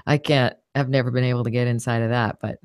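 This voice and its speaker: A woman voice actress chats thoughtfully as a guest, often pausing on "you know" and starting over. Her voice sits very low for a woman. The sound is dry, with no room echo. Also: fairly even intonation, darkish tone, smooth. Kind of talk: casual interview conversation.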